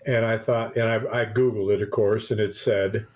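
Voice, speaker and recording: A man's voice: lowish voice, fairly even intonation, normal speed, darkish tone, a little hiss or hum. A man co-hosting a podcast, telling a rambling story in casual chat with many restarts. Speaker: podcast co-host.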